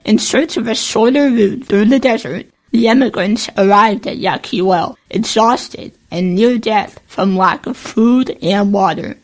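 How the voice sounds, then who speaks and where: A woman giving a measured, scripted narration of desert ghost legends. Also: mid-range voice, a little mellow, rough recording. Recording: faint music underneath.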